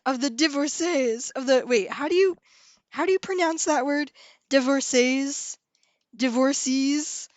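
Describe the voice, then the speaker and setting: A woman's voice: high voice, moderate pace, a little mellow, dry recording. A woman hosting a live stream, chatting casually and giggling as she reads viewers' comments.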